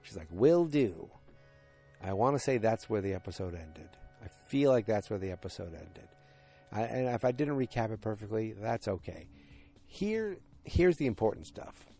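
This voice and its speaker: A man's voice: on the low side, animated, moderate pace, mellow, faint music behind. A man hosting a podcast, casually recapping a TV episode in a rambling way, correcting himself often. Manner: rambling, self-correcting, many fillers. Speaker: podcast host.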